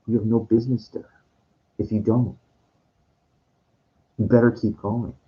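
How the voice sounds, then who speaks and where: A man's voice: lowish voice, little pitch movement, measured pace, muffled recording. A man talking in a rambling monologue, full of restarts and swearing, sometimes acting out what others said. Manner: quoting others in acted voices. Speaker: streamer.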